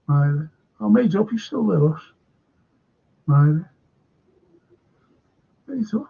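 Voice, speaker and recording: A man's voice: high voice, expressive, slow pace, vocal fry, slightly rough, phone-quality sound. A man with a Scouse accent hosting a live stream, chatting casually in a rambling, stop-start way and reading out viewer comments.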